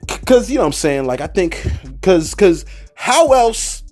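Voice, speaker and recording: Animated man riffing on gossip. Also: high-pitched, moderate pace, soft background music. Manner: animated, digressive, preachy asides; mock voices when quoting people. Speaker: commentary host. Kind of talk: casual celebrity gossip commentary.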